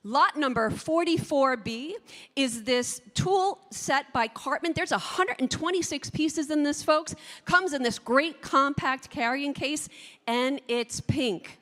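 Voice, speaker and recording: Woman from New Jersey, competition auctioneer; rapid climbing bid chant, high pitch, booming convention hall. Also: a bit bright. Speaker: auctioneer contestant. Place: large convention hall stage. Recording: long reverb of a large hall.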